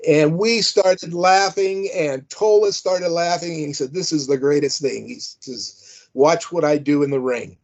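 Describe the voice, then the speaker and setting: An older man tells amused, rambling stories in a somewhat high voice, full of "uh" and "you know." He has the easy manner of a guest reminiscing. The audio is dull and lo-fi. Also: measured pace, a little mellow. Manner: rambling, amused, many fillers. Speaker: guest, former wrestling manager. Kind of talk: anecdotal storytelling.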